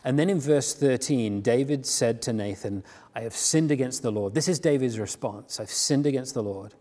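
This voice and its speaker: A man preaching a sermon in a conversational, animated way, often restarting his sentences as he retells a story. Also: medium pitch, normal speed. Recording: long hall reverb.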